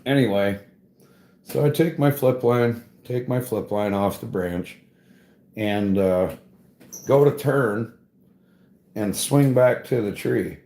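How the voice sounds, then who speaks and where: A man's voice: mid-range voice, takes it slowly, pauses often, warm tone. A man chatting casually, telling a rambling story full of swearing and "bro" and "dude" as he talks to a live chat about tree climbing. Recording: echoey room.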